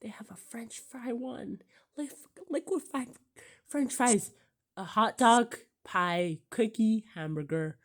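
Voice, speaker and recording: A woman giving casual commentary while pausing a movie, groaning in disgust and often dropping to a whisper. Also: on the high side. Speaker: YouTuber reacting to a film.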